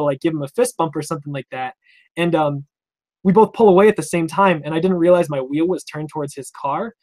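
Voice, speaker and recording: Young male interview guest, quick delivery in a slightly higher register, rambling and animated, doing little voices for the people he quotes. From Vermont. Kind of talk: casual storytelling.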